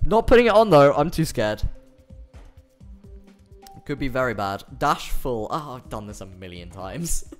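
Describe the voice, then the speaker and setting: A British man chatting through a live game stream, his pitch bouncing all over as he reacts and laughs between lines. He reads messages from chat aloud in a loose, joking way. Faint music plays underneath him.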